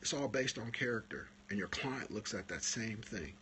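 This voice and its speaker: A man hosting a live stream, coaching photographers in a casual, animated talk that climbs higher when he retells stories. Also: normal speed, slight background noise.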